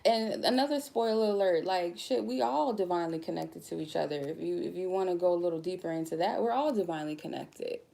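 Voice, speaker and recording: A woman's voice: on the low side, fairly quick, gravelly, hardly any pauses, dark tone. A woman tarot reader giving a casual spiritual talk, blunt and goofy, swearing freely.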